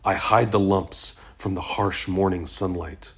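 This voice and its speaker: A man narrating a first-person story in a measured, even reading. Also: deep voice. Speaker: audiobook narrator.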